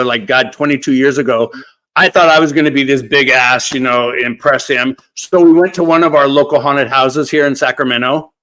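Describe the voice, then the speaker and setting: A man hosts a casual live-stream Q&A about crafting. His voice sits a little higher than most men's, and he talks animatedly, laughing as he winds through stories. It sounds like a home webcam setup. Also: fairly bright tone, poor audio.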